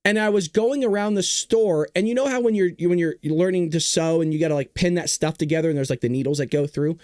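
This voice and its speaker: A man in his thirties hosting a casual talk show, telling stories in an animated, joking way and laughing often. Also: on the high side, fast talker, no echo, clean studio sound. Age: 30s. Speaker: host of a political talk show. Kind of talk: casual livestream talk and storytelling.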